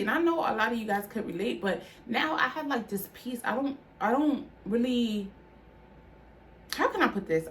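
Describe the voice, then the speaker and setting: A woman, talking straight to camera about her faith in an open, conversational way. Her voice sits a little high, and she leans on "like" as she talks. A light room ambience hums faintly under her. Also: fairly bright tone, a little hiss or hum. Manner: candid, conversational, heartfelt, with frequent "like" fillers. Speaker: vlogger. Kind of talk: personal testimony vlog.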